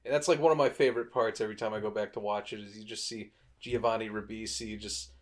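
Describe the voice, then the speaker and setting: A man co-hosting a casual movie-review podcast, telling scenes in lively detail and swearing freely. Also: on the low side, fast talker. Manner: animated storyteller, swears freely. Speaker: podcast co-host.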